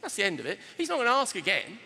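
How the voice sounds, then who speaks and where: Man, lively seminar speaker, high voice, bright tone, echoing hall. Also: rapid-fire, vocal fry, husky. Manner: animated, acts out quoted voices. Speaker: retail speaker. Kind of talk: lively seminar talk to an audience.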